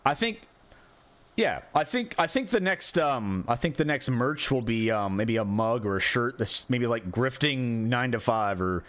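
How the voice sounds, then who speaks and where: Male streamer, casual rant, animated intonation, asks rhetorical questions. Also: on the low side. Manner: frustrated ranting, rhetorical questions, swearing. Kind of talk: casual live-stream commentary.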